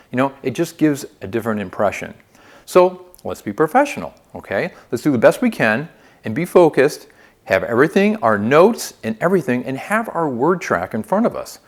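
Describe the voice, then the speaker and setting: In this phone sales training lesson, the male instructor coaches upbeat with lively inflection, often asking "okay?" to check in. He speaks at a medium pitch and a fairly quick pace.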